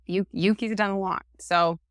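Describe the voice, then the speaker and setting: A woman co-hosting a podcast in a relaxed, casual chat, with a clean and smooth voice. She talks at an unhurried pace and leans on fillers as she works through each point. The sound is dry and close. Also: mid-range voice, no room sound. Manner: chatty, drawn-out, many fillers. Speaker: podcast co-host.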